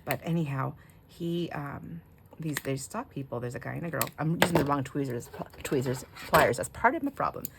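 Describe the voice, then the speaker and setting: Amid heavy background noise, a middle-aged craft channel host speaks in a low, gravelly voice with lively intonation at a moderate pace. Chatting casually while crafting, she tells a story, laughs frequently, and cuts herself off mid-sentence.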